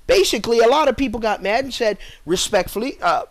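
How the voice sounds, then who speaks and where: A man's voice: lively intonation, fast, few pauses. A man delivering an angry political rant to the camera, heated and insulting, his voice jumping up on rhetorical questions. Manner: drops low and quiet when winding down. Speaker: political vlogger.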